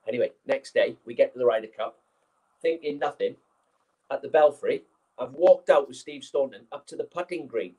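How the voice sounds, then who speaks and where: A man telling an anecdote as a guest speaker, lively and acting out the scenes as he goes. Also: medium pitch, normal speed, slightly rough, low-quality recording. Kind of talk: anecdotal storytelling.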